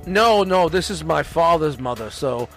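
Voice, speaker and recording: A man's voice: on the high side, expressive, measured pace, a bit bright, faint music behind. A middle-aged man, telling long, profane, rambling stories on a casual podcast, full of restarts. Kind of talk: casual storytelling chat.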